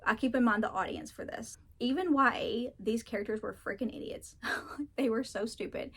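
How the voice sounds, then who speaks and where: A book reviewer chats casually, her slightly rough, a little high voice moving at normal speed. She's frank and ranting, laughs often, swears now and then, and animatedly mocks characters in put-on voices.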